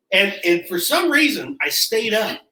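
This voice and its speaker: Young Kansas guy, cocky interjector, bright voice, echoey distant pickup. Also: high voice, big pitch swings, slow pace. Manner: boastful, cuts in with quips. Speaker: guest, rodeo cowboy. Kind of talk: casual storytelling. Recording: roomy sound from a distant mic.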